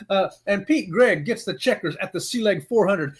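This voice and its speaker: Greeting viewers by name, this high-voiced host in his fifties runs a casual live stream with folksy excitement. He's from Florida and speaks with a Southern US accent.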